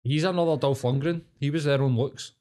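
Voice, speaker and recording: A man's voice: a little high, fairly quick. A young man with a Scottish accent, co-hosting a podcast in casual, rambling chat and swearing freely. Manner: swears a lot, rambling and animated. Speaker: podcast co-host.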